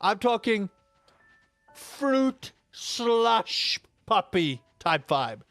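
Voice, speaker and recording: A man streaming a game, telling rambling, animated stories with sudden loud outbursts. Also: high voice, very slow, no room sound, faint music behind. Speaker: gaming streamer. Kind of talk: casual stream chat while playing.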